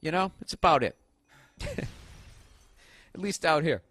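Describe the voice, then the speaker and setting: A man's voice: a little high, lively intonation, takes it slowly, fairly bright tone, no room sound. A man in his forties telling a comic story in a profane, exasperated rant. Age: 40s. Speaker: comedian. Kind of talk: comedic storytelling monologue.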